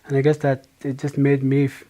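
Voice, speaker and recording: A middle-aged man from Manitoba tells his own story as testimony. His voice is mellow and dark, at an ordinary pitch. He speaks slowly and reflectively, pausing and restarting often. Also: completely flat delivery. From Manitoba, Canada. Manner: slow, halting, reflective with pauses and restarts. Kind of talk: personal testimony.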